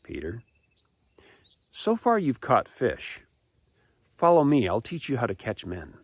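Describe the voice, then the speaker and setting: A calm, gentle teacher, as a man telling a children's Bible story puts him on. He speaks softly and kindly, with a quiet, steady warmth. The recording is close and dry. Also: a little high, fast talker, no room sound, pitched above the performer's own voice.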